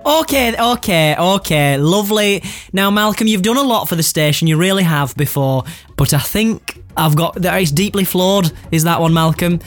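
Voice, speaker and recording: A man's voice: high voice, lively intonation, normal speed, no room sound, soft background music. A man, playing a chatty comic radio judge who calls everyone love. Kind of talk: camp comedy radio banter.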